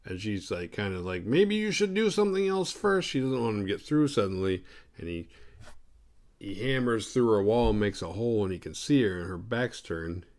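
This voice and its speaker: A man's voice: on the low side, moderate pace, darkish tone. A man hosting a podcast, recapping a horror movie casually with a lot of swearing and acting out the characters. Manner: profane, rambling, acts out the characters. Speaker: podcast host.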